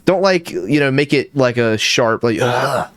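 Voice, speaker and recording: A man's voice: medium pitch, expressive, unhurried, no echo. A man streaming from home, casually coaching a guest, rambling and laughing often. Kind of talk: casual chat.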